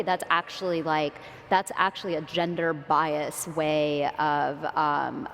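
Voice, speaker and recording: A woman with a very low voice speaks earnestly on a conference panel. She fills her pauses with "like" and "um". A long hall reverb and a faint hiss surround her. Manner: earnest, frequent "like" and "um".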